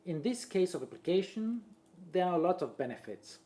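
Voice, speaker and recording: A man, a presenter reading a marketing talk aloud in a steady voice and listing points one after another. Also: sits high, brisk. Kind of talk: read-aloud presentation voice-over.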